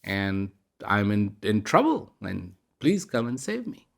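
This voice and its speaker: A man's voice: on the low side, wildly swooping pitch, takes it slowly, creaky, full character voice. Man putting on a desperate pleading woman. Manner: pleading, repetitive, then indignant. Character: desperate woman pleading with God, later furious.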